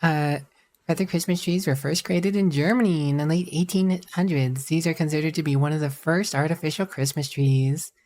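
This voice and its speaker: A woman's voice: low-pitched, fairly even intonation, moderate pace, darkish tone. A woman streamer chatting casually and rambling, with a giggly manner. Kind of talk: casual live-stream chat.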